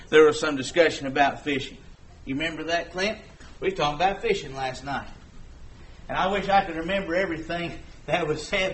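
A man's voice: a little high, pushed and bright. A man preaching a sermon in a folksy, conversational way, acting out the dialogue he quotes.

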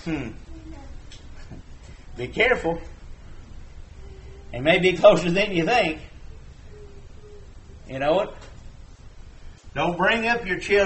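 A man's voice: a little high, measured pace, pauses often, fairly bright tone, poor audio. A man preaching a sermon, shifting from conversational talk to emphatic exhortation.

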